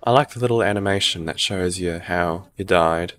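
A man's voice: lowish voice, normal speed, hardly any pauses, fairly bright tone. Male let's-player, a little ill, sarcastic and foul-mouthed, casual running commentary. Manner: joking, sarcastic, swears often. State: sick. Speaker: gaming YouTuber.

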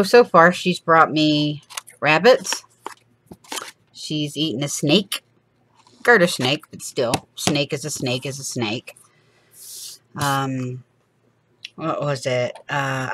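A woman's voice: deep voice, fairly bright tone, a little hiss or hum. A woman, chatting casually and rambling with laughs while she crafts for her channel. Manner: rambling, chatty, laughs often, acts out little quoted voices.

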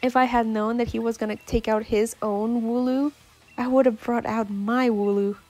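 A woman's voice: on the high side, level tone, normal speed, a little mellow, soft background music. A woman giving casual, giggly, chatty commentary while playing a video game. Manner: giggly, chatty, self-deprecating. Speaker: let's-play host.

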